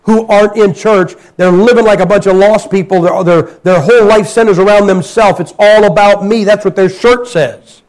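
High-voiced preacher telling stories. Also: male voice, normal speed, few pauses, darkish tone, rough recording. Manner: folksy storytelling with humor. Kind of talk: sermon. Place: church.

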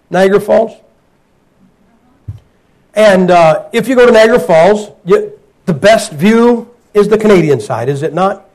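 Male preacher with a high voice, folksy sermon storyteller, light humor. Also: darkish tone, rough recording. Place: church.

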